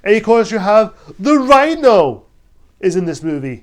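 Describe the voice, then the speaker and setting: A man's voice: high voice, sing-song, moderate pace. A young man reviewing a movie on his own, blunt and exasperated, often repeating himself. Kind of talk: solo film review rant.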